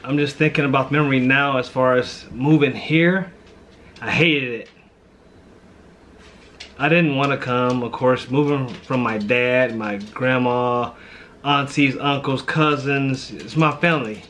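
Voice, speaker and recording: A man's voice: mid-range voice, a little slow, fairly bright tone, slight background noise. A man who grew up in St. Louis, a pastor and vlog host, talking heartfelt and reflective in a casual chat, often saying "man" and "you know".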